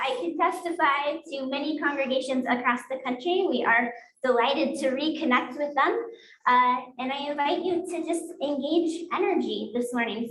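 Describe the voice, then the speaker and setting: Woman guest minister, high voice, slow inviting liturgy, roomy church echo. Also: a little hiss or hum. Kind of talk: leading a worship service. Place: church sanctuary.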